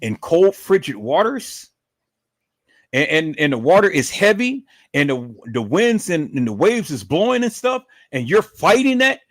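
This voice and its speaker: Middle-aged male streamer, angry profane rant, fairly high voice with big pitch swings, close dry sound. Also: big pitch swings, unhurried, no echo. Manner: profane, indignant, calls the audience "peoples"; repeats words when worked up, swings to loud outbursts. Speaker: livestream commentator. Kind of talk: angry ranting livestream commentary.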